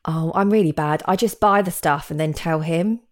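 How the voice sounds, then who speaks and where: A woman's voice: sits low, moderate pace. A woman in her thirties co-hosting a casual chat podcast, talking in an easygoing, reminiscing way. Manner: warm, reminiscing, easily emotional. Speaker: podcast co-host.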